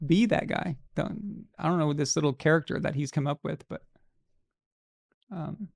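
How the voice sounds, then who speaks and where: Guy hosting a live show, kinda high gravelly voice, ranting blunt opinions, swears a lot. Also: normal speed, no room sound, clean studio sound. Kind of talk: casual sports commentary.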